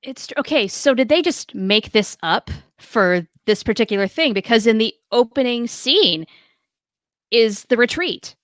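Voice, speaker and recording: Woman, higher voice, lively pitch, dry sound, casual co-host. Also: measured pace, no echo. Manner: asks questions, short agreeing replies. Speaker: podcast co-host. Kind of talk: casual review discussion.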